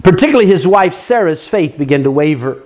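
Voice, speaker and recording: Man, preacher, sermon, earnest, rhetorical questions, slightly high voice. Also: animated, fairly quick, a little mellow. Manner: earnest, rhetorical questions, acts out imagined complaints.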